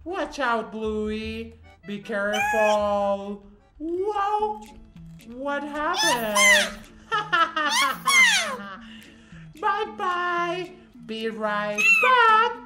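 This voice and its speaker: A woman giving playful game commentary in broken English, squealing and meowing between lines. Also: high voice. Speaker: gameplay video host. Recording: echoey room with loud game music. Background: loud game music.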